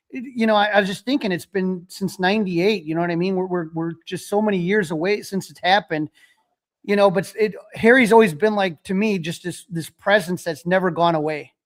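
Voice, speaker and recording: High-voiced eager male podcast host. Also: fairly quick. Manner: eager, stammering restarts. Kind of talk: casual interview.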